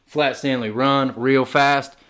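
A man's voice: medium pitch, steady tone, slow pace, fairly bright tone, smooth. A man co-hosting a comedy podcast, improvising a crude, absurd story in slangy, laughing casual talk. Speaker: podcast co-host.

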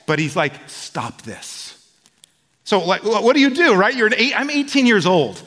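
A man preaching a sermon and telling a personal story, swinging from loud outbursts to hushed tones. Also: high-pitched. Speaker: pastor. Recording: long hall reverb.

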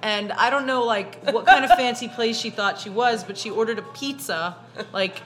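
A woman's voice: on the high side, normal speed, a bit bright. A woman hosting a podcast in a bar, chatting casually over drinks and telling stories with lots of laughter. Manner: laughs often, tells stories animatedly. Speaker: podcast host.

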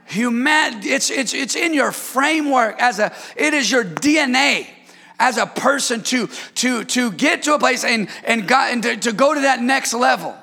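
A man preaching a sermon to a church congregation, calling out to them, swinging between shouted lines and low asides. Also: animated, moderate pace, creaky, big-room sound. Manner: call-and-response preaching, shouting then dropping low. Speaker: pastor. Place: church sanctuary.

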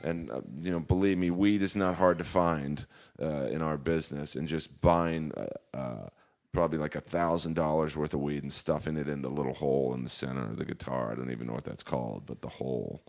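A man with an extremely deep voice and a rough, gravelly fry tells stories in a loose podcast chat. He acts out the people he quotes as he goes. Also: fairly even intonation, a little fast, hardly any pauses. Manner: storytelling, acting out quoted exchanges with shifts in loudness. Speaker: comedian guest.

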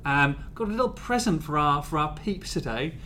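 Chatty bright-voiced man, podcast host. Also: fairly high pitch, animated, moderate pace, a little hiss or hum. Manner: chatty, laughing, upbeat. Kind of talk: casual chat.

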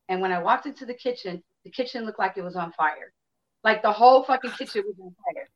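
A woman in her fifties from Chicago, telling a personal story to listeners in a candid, animated way, acting out quotes and swearing freely. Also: medium pitch, a little fast, highs cut off.

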